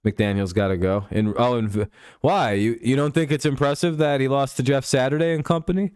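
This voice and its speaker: A man's voice: mid-range voice, a little fast, darkish tone, clear, resonant tone, no echo, studio quality. A man hosting a live stream, chatting casually with viewers over a football game and joking with profanity and frequent laughs. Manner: joking, profane banter with chat, laughs often. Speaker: livestream host.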